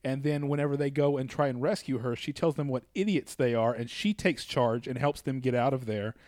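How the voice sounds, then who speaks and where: A man's voice: mid-range voice, a little fast, a little mellow, dry recording, studio quality. A man in a casual comedy chat, arguing his points and laughing along.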